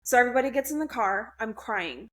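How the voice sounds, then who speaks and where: A woman's voice: on the high side, animated, quick pace. A young woman guest on a podcast, telling a personal story in a blunt, candid way, swearing freely and restarting her sentences.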